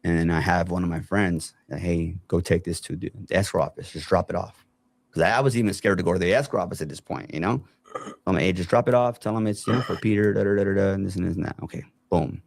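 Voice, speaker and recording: A man's voice: sits low, fast talker, creaky, dry recording. A man casually telling a long personal story, acting out what other people said along the way. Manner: animated retelling, acts out other people's lines. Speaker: guest telling his story.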